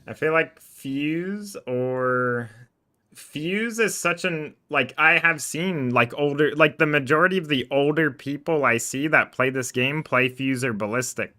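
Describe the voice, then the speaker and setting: A man with a fairly high, bright, forceful voice talks a little slowly while streaming a game. He chats casually about the gameplay, rambles, and laughs often, recorded on a desk microphone.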